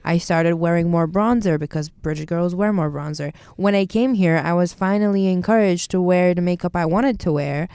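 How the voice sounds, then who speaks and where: Young woman, smooth low voice. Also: no echo. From Bulgaria. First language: Bulgarian. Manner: animated, opinionated, quick asides. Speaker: podcast co-host, university student. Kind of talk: casual podcast chat.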